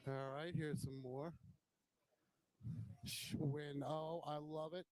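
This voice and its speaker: A man's voice: fairly high pitch, steady tone, slow, darkish tone, no room sound, rough recording. A man hosting a motorcycle vlog, walking around a bike show with a handheld camera and giving casual, admiring commentary on each bike, now and then swearing bluntly. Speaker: motovlog host.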